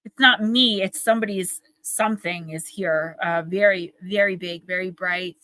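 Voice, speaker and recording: Young woman doing a live card reading, chatty and rambly, bright crisp voice, dry sound. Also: fairly low pitch, moderate pace, dry recording, poor audio. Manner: rambling, emotional, earnest. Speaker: oracle card reader. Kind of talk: live-stream card reading, casual chat. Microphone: live-stream microphone.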